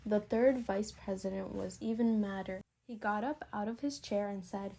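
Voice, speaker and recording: A woman reading a picture book aloud, expressive, slowing and lifting her voice for emphasis. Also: medium pitch, creaky. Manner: expressive, slows and rises for emphasis. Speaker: storybook reader.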